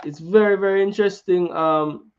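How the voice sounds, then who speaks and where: A man's voice: sits high, fairly even intonation, normal speed, clean tone, dull audio. A man with a Jamaican accent hosting a football talk show, chatting casually and slipping into patois with many restarts. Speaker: football channel host. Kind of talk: casual chat.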